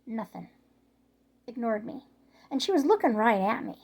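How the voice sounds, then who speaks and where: Middle-aged woman, a bit hoarse, chatty rambling vlogger, voice sits fairly high. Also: expressive, normal speed, darkish tone. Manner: rambling, retelling with filler words. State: slightly hoarse from yelling. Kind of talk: casual storytelling vlog.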